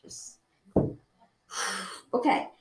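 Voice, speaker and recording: A woman reviewing cards in casual chat, enthusiastic and argumentative, rambling with restarts. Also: extremely slow. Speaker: card game reviewer. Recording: roomy echoey room.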